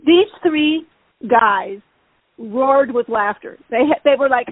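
Husky-voiced woman telling a lively story. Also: a little high, slow pace, no echo. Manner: animated, laughing, acts out voices in her stories. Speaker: podcast co-host. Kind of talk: casual storytelling chat. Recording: phone-like, narrow band.

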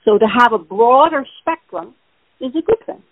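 Speaking at normal speed with lively intonation, a woman with a fairly high voice answers listener questions on a spiritual phone-in show. Her casual explanations run long, earnest and rambling. The line sounds tinny and dry, with no echo.

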